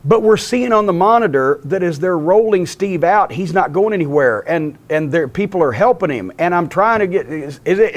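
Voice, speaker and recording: An older man with a high, reedy voice tells a backstage war story with exasperated energy. He swears constantly and snaps into quoted dialogue, and his delivery stays lively and profane throughout. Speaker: wrestling promoter telling stories.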